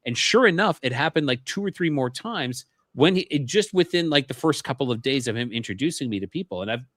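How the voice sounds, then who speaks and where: A man's voice: mid-range voice, animated, a little fast, a bit bright, dry recording, clean studio sound. A man speaking as a guest on a talk show, telling his story in an emphatic way. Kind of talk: casual chat.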